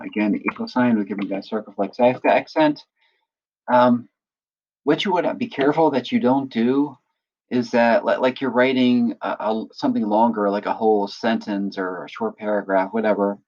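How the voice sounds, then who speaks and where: Low-voiced man explaining step by step. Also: darkish tone, lo-fi sound. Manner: patient step-by-step explaining, often checks in with "right?". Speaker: instructor. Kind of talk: screen-recorded software tutorial.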